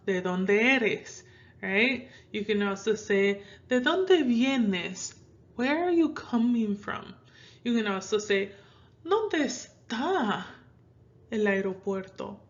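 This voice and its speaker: A woman giving a casual online lesson, chatty and repeating phrases slowly in two languages. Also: mid-range voice, highs cut off. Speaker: Spanish teacher.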